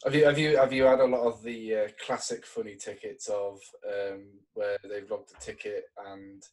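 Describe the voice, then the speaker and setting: A man who works in IT support, chatting casually and sounding relaxed and amused. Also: fairly low pitch, moderate pace, low-quality recording. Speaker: IT support worker. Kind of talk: casual podcast chat.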